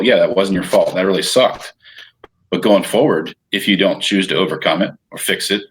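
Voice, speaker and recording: Deep-voiced man rambling candidly. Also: fairly bright tone. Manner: candid, rambling, with frequent restarts. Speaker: podcast guest. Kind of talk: casual interview chat.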